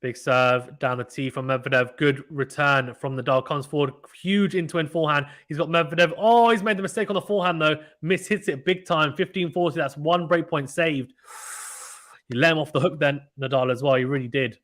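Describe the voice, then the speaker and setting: A man hosting a live tennis watchalong stream, calling play-by-play with animated reactions and reading chat messages. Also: on the high side. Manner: fast, animated play-by-play, reads chat aloud. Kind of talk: excited casual live commentary.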